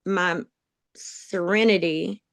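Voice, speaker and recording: Interviewed as a dog program graduate, a woman shares her life story as conversational testimony, rambling and emotional, full of ums and laughter at herself. Her low, steady voice moves slowly, with vocal fry and a fairly bright tone, on a dry recording.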